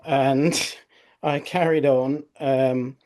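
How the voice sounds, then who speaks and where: A middle-aged male osteopath recounting patient cases in a relaxed podcast conversation, full of fillers like "you know". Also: medium pitch, very slow. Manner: conversational storytelling with frequent fillers.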